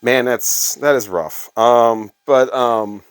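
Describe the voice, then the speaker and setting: This is a slow, clean, mid-range male voice with fairly even intonation. The speaker is a middle-aged former radio staffer and record collector from Illinois, USA, chatting in a casual storytelling vlog full of rambling asides and fillers.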